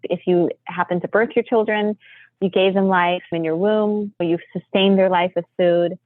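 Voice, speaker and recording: A woman from the United States, a podcast guest, telling family stories in a lively way, often laughing and acting out what people said. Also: normal speed, no echo. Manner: animated, acts out quotes with big pitch jumps, laughs often. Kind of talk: storytelling in casual chat. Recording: tinny phone-line audio.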